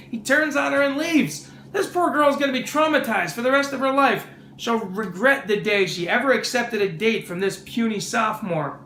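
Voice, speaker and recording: A man rambles through a casual movie review, mocking and sarcastic. His pitch jumps around a lot. The room is echoey, with a faint hiss. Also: bright, forceful tone. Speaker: vlog host, movie reviewer.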